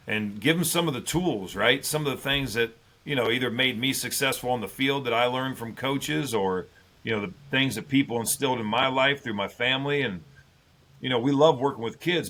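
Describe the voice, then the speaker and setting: A middle-aged man, a former football player, telling a funny hunting story as a podcast guest, animated and laughing as he goes. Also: medium pitch. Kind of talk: casual storytelling.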